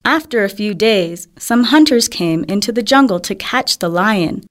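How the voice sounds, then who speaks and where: A woman narrating a children's fable in a clear, simple storybook manner. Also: medium pitch, lively intonation, normal speed.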